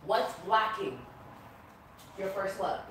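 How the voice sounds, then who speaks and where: A woman leads an informal Bible class with lively, playful energy, laughing and calling out to her listeners as she reads. Her voice sits in the middle range and rings through a big reverberant room, caught from a distance by the mic, with a faint hiss under it. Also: medium pitch, takes it slowly. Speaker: prophetess teaching a class. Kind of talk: casual Bible teaching. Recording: echoey room recorded from far off.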